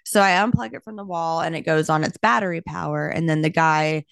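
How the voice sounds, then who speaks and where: Low, smooth-voiced young woman telling a story. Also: fairly quick, dry recording, clean studio sound. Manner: animated, talks with her hands, heavy use of "like". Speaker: realtor and podcast host. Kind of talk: casual storytelling.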